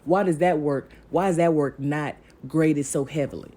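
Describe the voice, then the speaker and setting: A young woman with a deep, warm voice hosts a crafting channel, speaking at a moderate pace. Her casual voiceover rambles along as she chats directly to her viewers.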